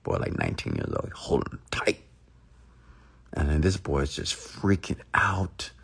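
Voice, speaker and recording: A man's voice: extremely low pitch, huge pitch swings, normal speed, creaky, a bit bright, breathy edge. A man telling a motivational story in a rambling, emphatic, repetitive way. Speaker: motivational speaker.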